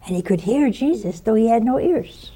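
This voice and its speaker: A woman giving a spoken sermon, telling a story in an animated way and acting out the voices of the people in it. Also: a little high, normal speed, slightly rough. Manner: animated storyteller who acts out quoted voices.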